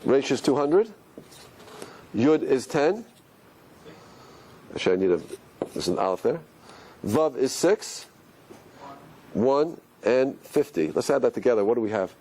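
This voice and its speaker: A man's voice: mid-range voice, unhurried, pauses often, a little hiss or hum. A man giving a lecture on Hebrew letters, asking his listeners question after question. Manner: questioning, rhetorical, animated. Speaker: Torah teacher.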